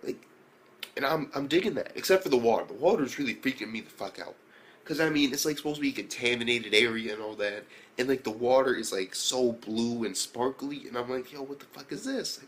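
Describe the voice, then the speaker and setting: A man casually recapping an anime episode, swearing often and breaking into loud, exclaimed reactions. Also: medium pitch, brisk. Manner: loose, profane retelling with loud exclaimed reactions. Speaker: anime reviewer.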